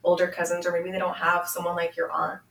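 A woman's voice: fairly low pitch, monotone, quick pace, creaky, fairly bright tone, far from the mic. A young woman from Washington State, a podcast guest speaking earnestly and from the heart, with lots of "like" fillers. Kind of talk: candid conversation. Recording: roomy sound, a bit off-mic.

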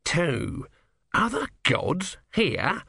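A small, bad-tempered male god stuck in a tortoise's body, heckling with testy sarcasm and no patience at all. A man acts him out for an audiobook, pitching him a bit above his own voice. The reading is close and dry. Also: big pitch swings, drawn-out words, gravelly, sharp tone, breathy edge, dry recording, heavily acted. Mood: irritable.

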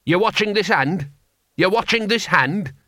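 Man playing an old barbarian show-off, slow and crowing, lively pitch, dry sound. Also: no echo. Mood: eager. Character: boastful elderly male barbarian hero.

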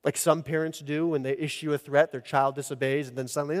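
A man's voice: a little high, steady tone, brisk. A man preaching an earnest expository sermon as pastor, rising in emphasis at key points. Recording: long church reverb.

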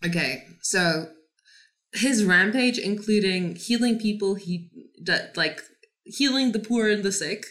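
A woman's voice: mid-range voice, a little slow, a bit bright. A woman co-hosting a fan podcast in casual chat, gushing and swearing freely with lots of fillers. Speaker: podcast co-host.

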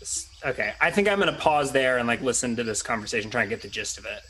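Bright-voiced man thinking aloud as a player. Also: mid-range voice, expressive, fast, a little hiss or hum, poor audio. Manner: chatty, thinking aloud, hesitant restarts. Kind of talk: casual tabletop game play.

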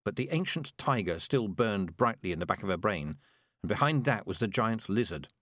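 Male audiobook narrator, animated storybook delivery, dry booth sound. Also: on the low side, moderate pace, dry recording. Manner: expressive storybook reading. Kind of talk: scripted narration.

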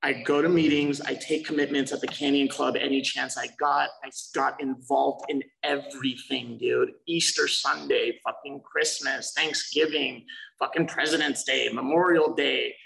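A man's voice: medium pitch, fairly even intonation, moderate pace, creaky, a bit bright, recorded from a distance, poor audio. A young man casually telling his recovery story, swearing freely and acting out past conversations. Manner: profane, loose, acts out quoted exchanges.

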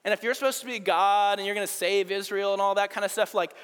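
Mężczyzna grający drwiącego, sarkastycznego przestępcę na krzyżu, w pogłosie sali. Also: male voice, high-pitched, fairly even intonation, fast talker, a bit bright, smooth. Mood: mocking. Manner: scoffing, sarcastic. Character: mocking male criminal on a cross. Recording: long hall reverb.

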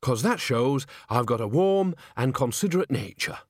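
A man's voice: medium pitch, animated, moderate pace, breathy edge, no room sound, studio quality. A man voicing a cheerful, earthy old witch woman with a folksy, chatty way of talking.

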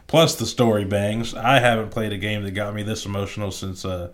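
Low-voiced laid-back podcast guy. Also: brisk. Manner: relaxed, profane, loose. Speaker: podcast co-host. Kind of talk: casual chat.

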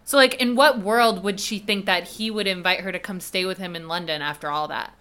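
A young woman co-hosting a podcast in casual chat, animated and swearing as she recaps scenes. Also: medium pitch, brisk, slight background noise. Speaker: podcast co-host.

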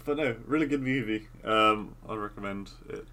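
Bright-voiced British man, rambling. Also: on the low side, normal speed. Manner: rambling, hesitant, full of restarts. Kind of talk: casual movie review chat.

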